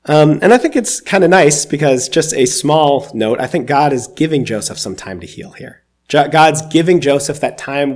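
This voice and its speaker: A man giving a conversational, reflective sermon, reading scripture aloud and explaining it with occasional fillers. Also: a little high. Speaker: preacher.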